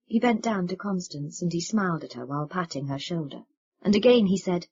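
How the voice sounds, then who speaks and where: Husky-voiced woman reading an audiobook. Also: on the low side, animated, fairly quick, darkish tone, lo-fi sound. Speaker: audiobook narrator. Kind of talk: audiobook narration.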